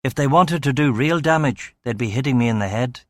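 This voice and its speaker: A man's voice: mid-range voice, fairly quick, no room sound, clean studio sound. A man narrating a first-person crime novel in clipped, terse fragments. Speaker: audiobook narrator.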